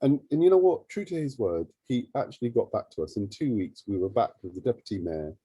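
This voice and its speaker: Husky, dark-voiced man telling a story. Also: lowish voice, fairly quick, no echo, rough recording. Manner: lively, acts out remembered dialogue. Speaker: charity CEO. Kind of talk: animated storytelling in an interview.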